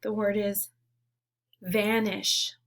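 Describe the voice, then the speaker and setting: A woman teaching a phonics lesson to young children, giving slow, clearly spoken word prompts and pausing for them to repeat. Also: mid-range voice, little pitch movement. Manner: encouraging.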